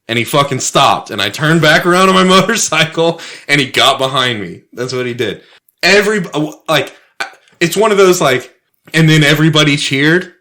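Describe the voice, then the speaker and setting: A man co-hosting a podcast, telling a story in a casual, profane, animated way. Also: a little high, moderate pace. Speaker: podcast co-host.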